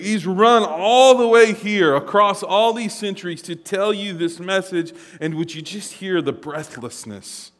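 A man preaching a sermon, telling stories in an animated way and acting out the voices. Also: high voice. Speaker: pastor. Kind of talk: sermon with storytelling. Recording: long hall reverb.

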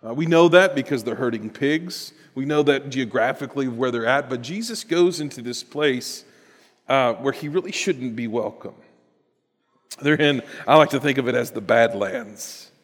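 A man preaching a sermon in a church, animated and building to emphatic bursts. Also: mid-range voice, moderate pace. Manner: animated, rising to emphatic bursts, with chuckles and repetitions. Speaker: pastor. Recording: long reverb of a large hall.

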